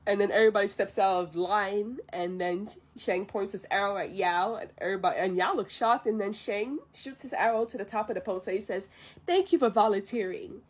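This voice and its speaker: A woman's voice: mid-range voice, steady tone, fairly quick, few pauses. A young woman streamer casually retelling a film from memory, rambling, unsure and often correcting herself. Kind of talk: casual livestream storytelling.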